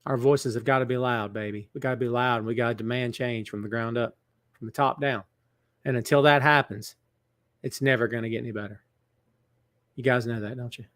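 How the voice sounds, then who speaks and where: A man's voice: mid-range voice, steady tone, a little fast, fairly bright tone, no room sound, clean studio sound. A middle-aged man hosting a wrestling show from a large building, chatting casually with viewers and greeting them by name. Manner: earnest, somber when turning serious. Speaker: wrestling podcast host. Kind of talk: casual live-stream chat. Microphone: webcam setup.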